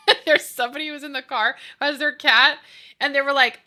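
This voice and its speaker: A woman's voice: high voice, normal speed, pushed and bright. A young woman streaming a building game, chatting casually with friends and viewers, giggly and swearing freely. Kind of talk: casual live-stream chat while gaming.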